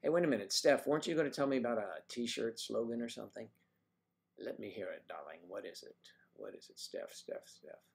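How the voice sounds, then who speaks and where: A man's voice: medium pitch, expressive, a little fast, creaky. A man hosting a casual livestream, greeting viewers by name and teasing them in a playful, chatty way. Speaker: livestream host reading viewer comments.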